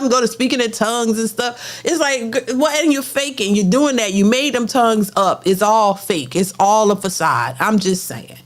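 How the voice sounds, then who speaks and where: A woman's voice: a little high, a little fast, hardly any pauses. A woman hosting a reaction channel, giving a blunt, emphatic casual rant and repeating words as she gets worked up.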